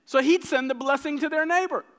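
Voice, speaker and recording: A man preaching a sermon, retelling scripture stories with lively acted-out dialogue and frequent repeated words. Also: very high-pitched, brisk. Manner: animated storytelling, acting out characters' lines.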